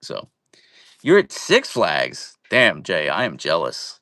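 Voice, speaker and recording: Guy live streaming from home, joking with chat, low gravelly voice, dry sound. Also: wildly swooping pitch, slow pace, bright, forceful tone, no room sound. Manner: playful, jokey, greeting viewers by name. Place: at home, indoors.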